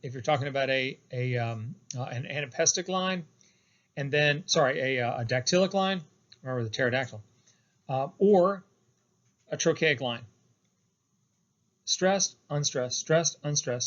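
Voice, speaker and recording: A man's voice: a little high, muffled recording. A man giving a recorded lecture on poetic meter, hesitant and full of fillers, drawing out key terms. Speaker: poetry instructor.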